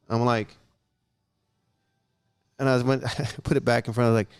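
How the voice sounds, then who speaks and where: Man, young adult, blunt and profane, animated storyteller, casual podcast chat, mid-pitched voice. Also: a little slow, long pauses, smooth. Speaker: podcast guest.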